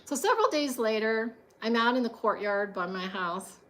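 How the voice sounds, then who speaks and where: A woman with a fairly high voice tells a personal story in a loose, chatty monologue. She pads her sentences with fillers and laughs often as she goes. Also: expressive, normal speed, a bit bright.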